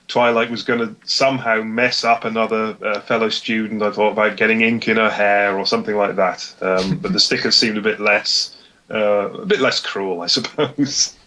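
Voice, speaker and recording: A man's voice: fairly low pitch, fairly even intonation, moderate pace, pushed and bright, slight background noise. Hesitant male podcast guest. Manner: hesitant, many ums and uhs. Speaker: podcast guest, comic creator. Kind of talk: casual chat.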